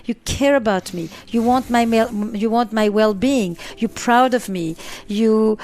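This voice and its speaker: A woman's voice: a little high, a little slow, a little mellow. A middle-aged woman psychotherapist answering interview questions, driving points home with repeated phrases and lists.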